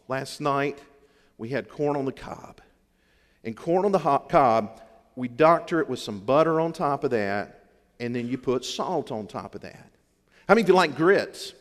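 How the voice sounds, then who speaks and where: A man's voice: mid-range voice, lively intonation, moderate pace. A man with a Southern US accent preaching a folksy, humorous sermon, with emphatic repetition to his congregation. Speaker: pastor. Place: church sanctuary. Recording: long hall reverb.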